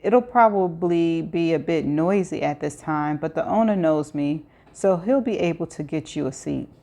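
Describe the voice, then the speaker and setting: A woman's voice: deep voice, normal speed, warm tone. A woman voicing an elegant, charming man who speaks in a teasing, fussy way.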